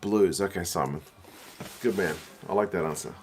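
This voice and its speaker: A young New Zealand man chatting casually as he watches rugby live, reacting loudly and answering viewer comments. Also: low-pitched, normal speed, a little hiss or hum. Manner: excitable, slangy, reads out viewer comments.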